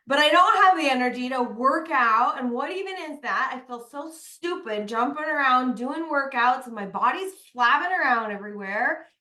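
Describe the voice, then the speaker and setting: Young woman, candid mom coach, chatty and emphatic; unhurried delivery, roomy echo. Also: high-pitched, pushed and bright. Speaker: mom coach, podcast host. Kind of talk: motivational talk to mothers. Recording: echoey room.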